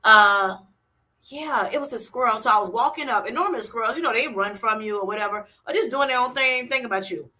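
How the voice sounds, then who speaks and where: Woman livestream host, bright clear voice, pitched a little high, casual chat, animated storyteller, calls people honey and sweetheart. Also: fairly quick. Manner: animated storytelling, laughs often; uses Southern-style endearments like honey and sweetheart.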